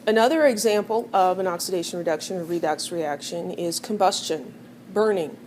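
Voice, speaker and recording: A woman's voice: lowish voice, brisk, darkish tone, slight background noise. A middle-aged woman teaching a chemistry lecture, chatty and joking, with many "um"s and "right?"s. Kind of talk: recorded classroom lecture.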